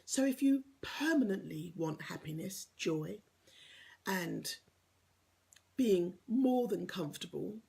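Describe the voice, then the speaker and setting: A woman's voice: medium pitch, expressive, takes it slowly, creaky, long pauses, dark tone, breathy edge. A woman giving an earnest, encouraging motivational talk as a life coach, sometimes dropping to a whisper for emphasis.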